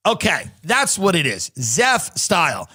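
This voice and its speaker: A man hosts a comedy podcast in a high, ringing voice. He reads out articles in a casual, wry tone and keeps breaking in with deadpan sarcastic jokes. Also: a little slow, breathy edge. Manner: reads news aloud with sarcastic asides.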